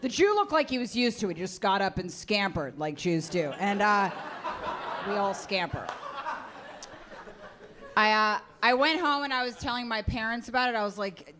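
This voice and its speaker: A woman's voice: mid-range voice, animated, moderate pace, long pauses, fairly bright tone. A young woman comedian telling stories on a club stage in a sardonic, exasperated way. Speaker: stand-up comedian. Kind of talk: stand-up comedy set. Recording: live club with audience laughter.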